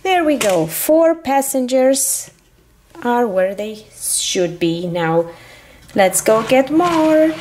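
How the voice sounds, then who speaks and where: A woman's voice: high voice, lively intonation, slow, darkish tone, a little hiss or hum. A woman narrating a children's toy play as a doll train conductor, cheerful and sing-song. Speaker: toy video host voicing a conductor doll.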